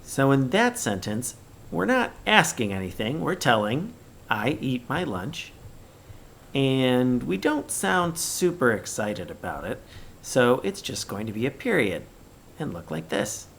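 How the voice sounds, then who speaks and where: In a recorded remote lesson for young children, a man speaks slowly and deliberately, reading example sentences with exaggerated expression. His mid-range voice is creaky and fairly bright, with big pitch swings, and a little hiss or hum sits in the background.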